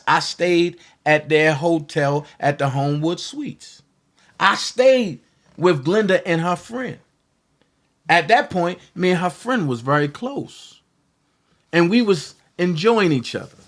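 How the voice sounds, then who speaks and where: Rambling man telling a story on his channel. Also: fairly high pitch. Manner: rambling, conversational, restarts and asides. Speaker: commentary channel host. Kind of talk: casual livestream storytelling.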